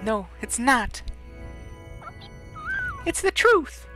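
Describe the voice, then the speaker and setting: A woman's voice: fairly high pitch, very animated, drawn-out words, bright, forceful tone, faint music behind, pitched above the performer's own voice, heavily acted, low-quality recording. A woman voicing a small, loyal male dream spirit as she reads game dialogue aloud. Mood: insistent.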